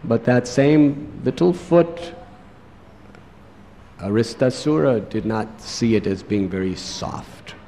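A man preaching a sermon, telling a story dramatically and slowing down for emphasis. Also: mid-range voice, animated, mellow, a little hiss or hum. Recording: long hall reverb.

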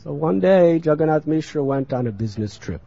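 A man telling a sacred story in a sermon, in an animated, expressive narrating manner, on a muffled lo-fi recording. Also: a little high, a little fast, vocal fry, dry recording. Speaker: religious storyteller.

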